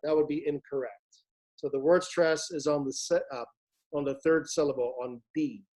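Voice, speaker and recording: A male choir director explains a piece in a somewhat high voice. He talks haltingly, full of "um" and restarts, and now and then sings a short phrase to demonstrate. The tone is that of a patient rehearsal explanation. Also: steady tone, darkish tone, low-quality recording. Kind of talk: rehearsal instruction.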